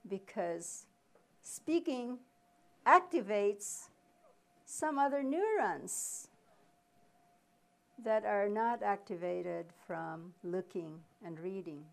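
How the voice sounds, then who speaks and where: A woman presenting a reading workshop, explaining slowly with pauses and asking questions, then answering them herself. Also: medium pitch, lively intonation, creaky. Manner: slow, deliberate explaining with pauses. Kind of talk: live teaching workshop.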